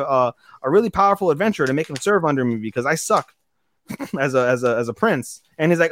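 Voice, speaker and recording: A man's voice: mid-range voice, expressive, fairly bright tone. A young man casually recapping an anime episode on a podcast, rambling and swearing, briefly acting out the characters' lines. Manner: rambling, profane, acts out character lines in quick voices. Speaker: podcast co-host.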